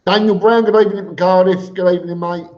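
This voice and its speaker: A man's voice: high-pitched, fairly even intonation, quick pace, a little mellow. A middle-aged man with a Cockney accent, chatting bluntly as he reads out viewer comments on a live stream. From England. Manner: blunt, plain-spoken, with many ums and repeated words. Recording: dull lo-fi stream audio.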